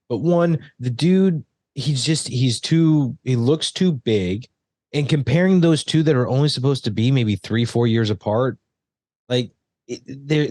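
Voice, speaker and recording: A man hosting a casual film podcast, talking in halting bursts full of fillers and restarts. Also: mid-range voice, a little mellow, dry recording. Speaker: podcast host. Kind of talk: casual chat.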